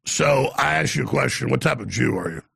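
A male talk radio host who presses his callers bluntly and mocks them. His voice is deeply gravelly and husky, and it swings widely in pitch. He is recorded dry and close to the mic. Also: expressive, a little fast, pushed and bright, no room sound. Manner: blunt, intense, mocking.

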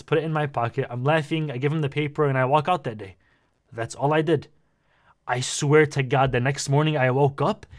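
A young man vlogging, telling a personal story in a casual, animated and slangy way. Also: fairly high pitch. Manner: animated, slangy, says "bro" a lot.

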